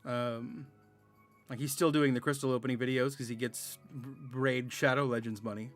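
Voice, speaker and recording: A man's voice: medium pitch, fairly even intonation, moderate pace, soft background music. A man in his thirties chatting casually while streaming a game, rambling, sarcastic and laughing often. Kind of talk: casual live-stream chat.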